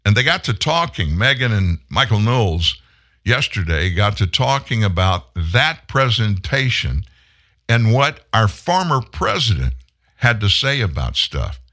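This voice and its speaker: A man's voice: fairly low pitch, sing-song, a little slow, bright, forceful tone. A man hosting a talk show, introducing a segment with playful asides.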